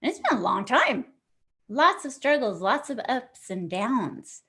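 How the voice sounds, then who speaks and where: A middle-aged woman speaking as a guest author in an online interview. Her voice sits a little higher than most. She talks in an earnest, open-hearted way and grows emotional at times. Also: very animated, a little slow, bright, forceful tone, slightly rough. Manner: earnest, effusive, tearful at moments.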